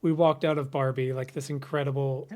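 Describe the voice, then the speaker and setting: A man's voice: medium pitch, little pitch movement, a little fast, a little mellow. A middle-aged man co-hosting a podcast in casual chat, telling stories animatedly, swearing freely and acting out quotes. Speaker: podcast co-host.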